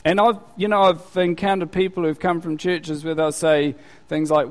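A man preaching a casual, conversational sermon, his voice sitting a little high for a man. He keeps asking the congregation rhetorical questions and stumbles over repeated words as he goes. A long hall reverb trails behind every phrase. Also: flat delivery, moderate pace. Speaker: pastor.

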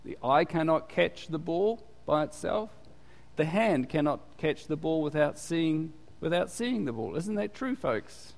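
A man gives a relaxed, talky sermon in a church, asking his congregation questions as he goes. His voice sits a little high for a man. The sound rings with the long reverb of a large hall. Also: unhurried, gravelly. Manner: chatty, quizzes the congregation. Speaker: pastor. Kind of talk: conversational sermon.

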